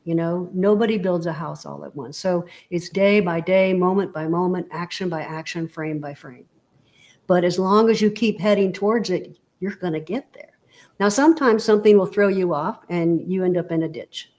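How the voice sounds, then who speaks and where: Female interview guest, lowish voice, casual and explanatory, checks in often with the listener. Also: moderate pace, a little mellow. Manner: explanatory, full of analogies and "you know". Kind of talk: casual motivational conversation.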